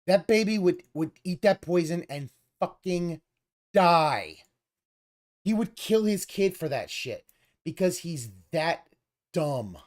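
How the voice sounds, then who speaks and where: Woman stream host, lower voice, very lively swings, sarcastic profane ranting, light music underneath. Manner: exasperated, sarcastic, swears a lot, mocking voices. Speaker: stream host reacting to a video. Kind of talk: profane ranting reaction commentary.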